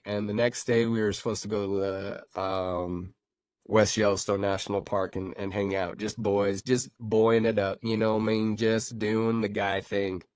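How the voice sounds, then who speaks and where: A man hosting a podcast, telling his own recovery story in an animated, repetitive way and talking straight to his listeners. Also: on the low side, dry recording. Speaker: podcast host.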